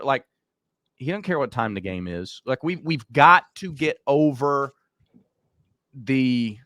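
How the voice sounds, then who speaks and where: A man with a raspy voice co-hosting a casual sports talk show, venting about his team. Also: mid-range voice, lively intonation, slow, pauses often, a bit bright, no echo, studio quality. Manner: apologetic, venting. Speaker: co-host.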